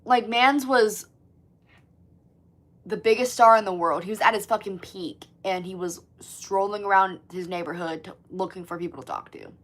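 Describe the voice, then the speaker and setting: A woman in her twenties hosts a casual livestream, chatting with viewers and reading their comments at a moderate pace in a medium-pitched voice. She's animated, swears freely, and fills her talk with "like."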